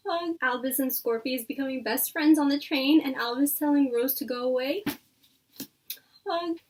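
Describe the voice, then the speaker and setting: A woman's voice: high-pitched, recorded from a distance. A woman reviewing a book in casual chat, gushing and effusive, with lots of "like". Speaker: book vlogger.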